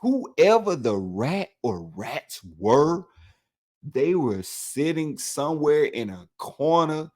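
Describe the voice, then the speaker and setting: A man telling his own prison story in a casual, animated way, dropping "man" after nearly every phrase. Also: on the high side, slow.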